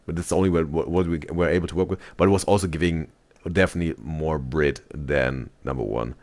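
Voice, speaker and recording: A man's voice: very deep voice, fairly even intonation, brisk, darkish tone, dry recording. A man streaming a reaction video, chatting casually in loose phrasing and reading out his chat. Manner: chatty, loose non-native phrasing, says "bro" often.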